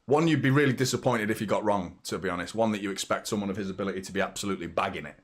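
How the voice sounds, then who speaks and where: A young man excitedly chatting through a live football watchalong, reacting to the match and greeting viewers by name. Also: lowish voice, rapid-fire.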